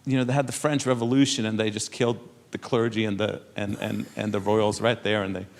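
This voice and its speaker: A man from Europe speaking on a symposium panel. He tells stories in a lively way, acts out the people he quotes and turns earnest and persuasive. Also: lowish voice, fairly quick, creaky. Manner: animated storyteller who acts out quoted exchanges. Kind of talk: storytelling talk at a symposium panel.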